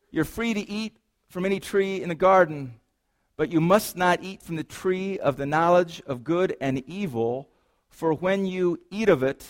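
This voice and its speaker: A man preaching a sermon to a congregation, playful and animated, moving between hushed, slow lines and loud, excited ones. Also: a little high. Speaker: pastor.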